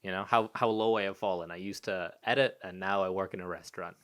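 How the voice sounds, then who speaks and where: A man's voice: fast, clear, resonant tone. A young man in his twenties, raised in Spain, with an Irish accent that has an American tinge. He rants and swears freely on a casual podcast. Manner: animated ranting, swears freely, jumps high when exasperated. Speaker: podcast co-host.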